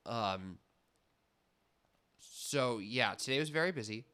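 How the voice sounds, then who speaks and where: A man's voice: medium pitch, expressive, slow pace, pauses often, sharp tone, smooth. A young man streaming a game, chatting casually and rambling, often stopping himself mid-thought and laughing. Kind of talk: casual gameplay chat.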